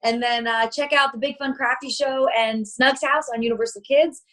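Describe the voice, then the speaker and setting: A woman's voice: high voice, steady tone, moderate pace, a bit bright. A woman in her thirties, a children's TV performer, chatting enthusiastically as a podcast guest and laughing easily. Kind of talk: casual interview chat.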